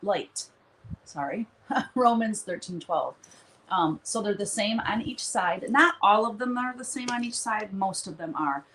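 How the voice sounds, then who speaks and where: A woman's voice: mid-range voice, lively intonation, a little slow, a bit bright, a little hiss or hum, poor audio. A woman hosting a live stream from her studio, chatting casually in a rambling way and laughing often.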